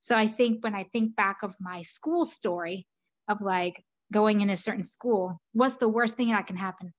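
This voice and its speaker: A woman's voice: mid-range voice, normal speed, dry recording, highs cut off. A middle-aged woman from Peru, a guest, telling her story thoughtfully with frequent fillers and restarts. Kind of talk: reflective conversational storytelling.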